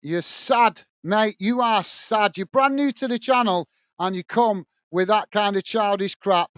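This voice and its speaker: A man from England hosts a live football watch-along, talking straight to his viewers. He is blunt and firm with troublemakers and plain when he calls the play. His voice sits high and comes through smooth and clear, with a dry, close sound. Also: a little slow, no echo. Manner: blunt, irritated ranting at a commenter; calm play-by-play description. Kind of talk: live match commentary and chat with viewers.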